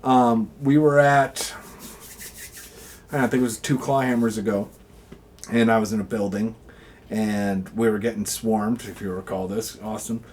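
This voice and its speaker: A man chatting casually, laughing often, swearing and jumping into loud acted voices for quotes. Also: on the low side, fairly even intonation, moderate pace, long pauses, a little hiss or hum. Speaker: airsoft player. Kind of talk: casual chat.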